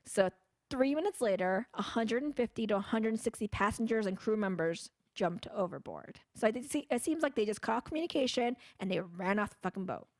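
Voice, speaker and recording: A woman's voice: medium pitch, animated, a little fast, a little mellow, no echo. A young woman co-hosting a casual true-crime podcast, laying out the facts bluntly and swearing freely. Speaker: podcast co-host.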